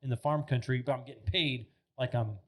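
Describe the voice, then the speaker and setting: Here the same kind of thirty-something male guest chats in a podcast studio, spinning loose, casual stories laced with fillers and curses. He has a medium-pitched voice and speaks a little quickly.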